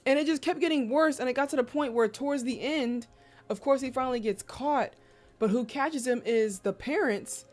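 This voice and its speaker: A woman streamer chatting casually on a live stream, telling stories in a lively, slangy way and exclaiming loudly in disbelief. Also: high-pitched, moderate pace.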